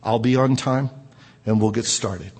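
A man lowers his voice to play a calm, caring schoolteacher who speaks slowly and steadily. The voice comes out husky, with a long reverb trailing behind it. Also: close to an everyday voice. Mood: warm, steady.

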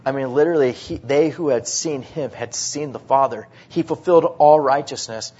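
A man delivers a sermon in a husky voice of middling pitch. He drops to near-murmurs and then rises into emphatic, drawn-out stresses. The recording sounds dull and lo-fi. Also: a little mellow. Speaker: preacher.

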